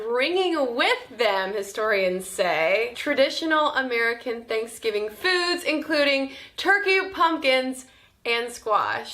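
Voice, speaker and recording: A woman with a high, bright, lively voice runs a comedic vlog. She is playful and jokey, slipping in sarcastic asides. Her delivery is quick and upbeat, with a crisp, forward edge. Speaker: video host.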